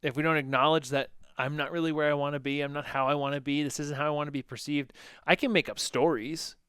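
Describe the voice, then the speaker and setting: A man hosting a podcast, measured and explanatory as he reflects on his guest's story. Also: a little high, fairly even intonation, fairly bright tone, clean tone, no room sound, studio quality. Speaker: podcast host. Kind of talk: reflective conversational commentary.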